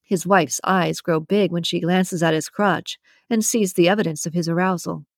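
A woman narrates a first-person romance story in a breathy, intimate voice, pitched on the low side. The recording is dry and close, with no room sound. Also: fairly even intonation, moderate pace, dry recording. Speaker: audiobook narrator.

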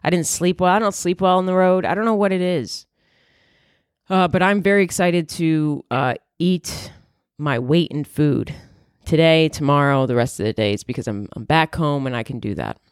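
Woman comic host, low-set voice, dry close sound, crude and rambling, with sudden high outbursts. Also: moderate pace, no echo. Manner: profane, rambling, swings into loud high exclamations. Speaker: comedian podcast host. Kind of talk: casual comedic monologue.

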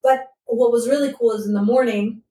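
Woman co-host, bubbly casual talker, fairly high voice, slightly distant mic in an echoey room. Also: steady tone, dark tone. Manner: enthusiastic, quick to laugh, frequent "you know" and "like". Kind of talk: casual chat. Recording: roomy echo, a little far from the mic.

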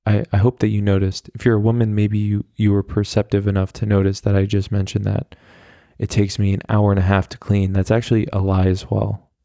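A man's voice: lowish voice, gravelly, mellow, no room sound, studio quality. A young man hosting a solo podcast, talking casually and rambling in a self-deprecating way, with lots of fillers. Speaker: podcast host.

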